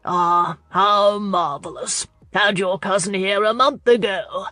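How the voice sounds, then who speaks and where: A woman's voice: medium pitch, unhurried, dry recording, faint music behind, natural voice. A woman narrator voicing a cheerful, rotund old lord who talks in a jovial, chortling way.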